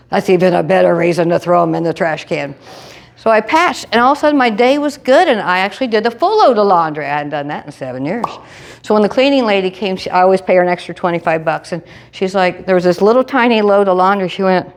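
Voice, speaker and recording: Woman presenter, animated storyteller who plays every part of the dialogue herself. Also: brisk. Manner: lively, acts out dialogue with big pitch jumps. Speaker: presenter sharing a testimony. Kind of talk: animated storytelling to a live group.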